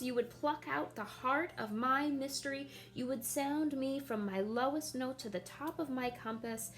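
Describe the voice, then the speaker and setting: Woman reading a bitter, defiant young prince, raised pitch, gravelly edge, declaimed verse. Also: natural voice. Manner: declaims verse with rising intensity.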